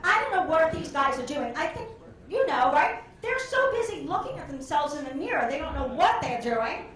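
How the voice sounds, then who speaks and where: A woman's voice: high voice, a bit bright. A woman doing a stand-up comedy set on a club stage, telling brash, rambling stories full of quoted voices. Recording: echoey club room.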